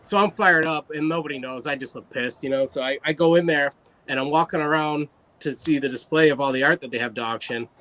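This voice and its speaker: A man casually telling an animated story about his art, full of fillers and quoted asides. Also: fairly high pitch, brisk, low-quality recording. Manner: animated, loose anecdote with fillers. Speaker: guest artist.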